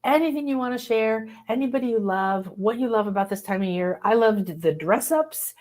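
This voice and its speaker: A woman hosting a spiritual workshop, talking in a casual, enthusiastic, expressive way and acting out little voices as she teaches. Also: a little high, moderate pace. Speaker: host leading a spiritual workshop.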